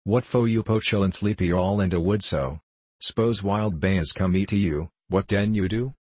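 Male reader voicing a calm woodsman: clipped broken English, low husky tone. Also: moderate pace, no echo. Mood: concerned.

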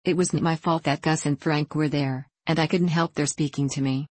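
A woman voicing a fashionable, petulant older girl who frets and pleads, in a low voice. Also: steady tone, normal speed, dry recording. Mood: fretful. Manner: petulant, fretful.

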